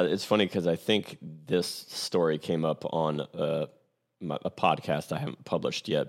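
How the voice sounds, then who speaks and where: A man in his thirties hosting a podcast, telling a travel story in a rambling, casual way, often restarting his sentences and chuckling. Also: a bass voice. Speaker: podcast host.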